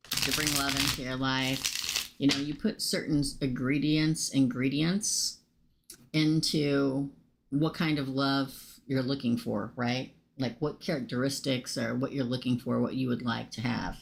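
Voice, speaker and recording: Creaky-voiced woman losing her voice. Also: extremely low pitch, measured pace, a little hiss or hum. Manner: chatty, excitable, addresses viewers by name. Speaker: tarot reader hosting a live stream. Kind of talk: casual live tarot reading.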